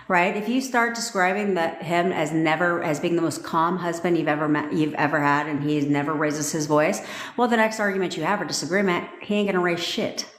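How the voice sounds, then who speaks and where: A blunt, fast-swearing woman coaching her viewers in a loose live-stream chat. Her voice sits fairly low and bounces around a roomy, echoey space. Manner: blunt, profane and emphatic. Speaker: manifestation coach. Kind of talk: casual live-stream talk. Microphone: phone. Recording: echoey room.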